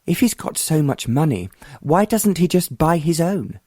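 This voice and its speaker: A man voicing an earnest, gentle young woman, raising his pitch for her questioning, cautious lines. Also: big pitch swings, measured pace, no room sound, studio quality. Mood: curious.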